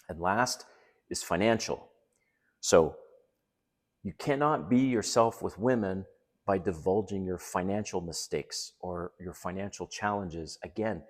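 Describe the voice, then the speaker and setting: A middle-aged man talking straight to other men, giving blunt, emphatic dating advice in a casual monologue. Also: deep voice.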